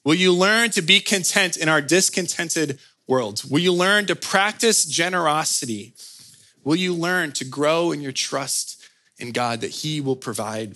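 A man preaching a sermon as pastor, telling a personal story with acted-out dialogue and closing in prayer. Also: a little high. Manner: slow, soft closing prayer.

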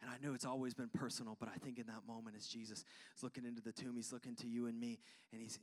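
A man preaching a sermon, fervent and chatty, calling out to the congregation and swinging from hushed tones to loud ones. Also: mid-range voice, level tone, quick pace, few pauses. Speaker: pastor.

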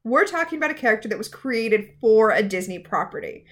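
A woman co-hosting a casual recap podcast, her voice sitting a little high. She talks in a sarcastic, animated way as she retells the episode. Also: a little fast. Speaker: podcast co-host.

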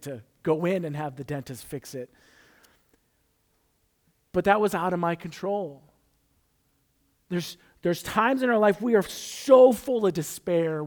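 A man's voice: on the high side, darkish tone. A man preaching a conversational sermon, telling a personal story and joking with the congregation. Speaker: pastor.

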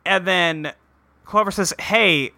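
Give me a man casually recapping an episode, bright and a little high, with many ums. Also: moderate pace, no echo. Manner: rambling recap with many ums, acting out characters' lines. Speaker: podcast co-host recapping an episode. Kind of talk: casual chat.

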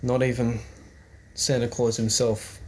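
A man's voice: medium pitch, level tone, measured pace. Rambling, hesitant male podcast host. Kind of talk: casual chat.

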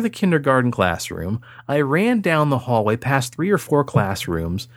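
A man in his thirties, co-hosting a podcast, telling a crude story in a lively, laughing way. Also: mid-range voice, moderate pace, dry recording, studio quality. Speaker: podcast host. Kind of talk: casual storytelling chat.

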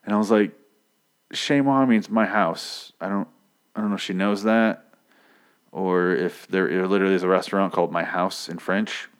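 A man with a very low voice talks his way through a TV episode in a loose, off-the-cuff recap. He swears freely and drifts into joking side comments as he goes. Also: steady tone, normal speed, smooth. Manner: rambling and profane, with joking asides.

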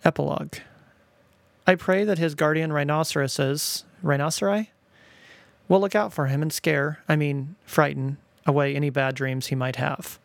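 A middle-aged father reads his own stories aloud in a wry, gently playful way, at normal speed with fairly even intonation. His voice is fairly high for a man and gravelly, recorded close and dry with no room sound.

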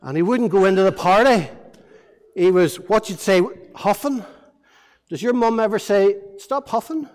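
A man preaching at a family service, spinning a story playfully for the children. His voice sits high. A long echo from the church hall hangs behind him. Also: normal speed, long pauses. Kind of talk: all-age sermon storytelling.

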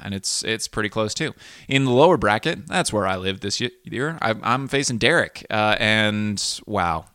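A man with a lowish, sharp-toned voice hosts a fantasy football league podcast, recapping solo in a casual, chatty way that rambles, full of ums and self-corrections. The recording is clean studio sound with no room sound.

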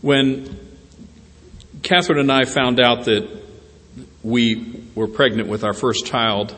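A male pastor preaching a sermon in a church, swinging between slow, quiet emphasis and bursts of animated storytelling as he acts out voices. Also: mid-range voice. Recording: long hall reverb.

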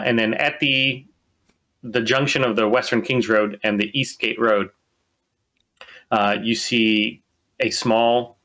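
A man narrating as game master in a tabletop game, halting often with fillers and restarts. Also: medium pitch, sharp tone.

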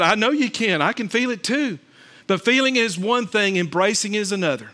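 Middle-aged man, pastor, sermon, high voice, bright tone, dramatic loud and soft swings. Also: normal speed. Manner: storytelling preacher, voice swings from loud bursts to hushed calm.

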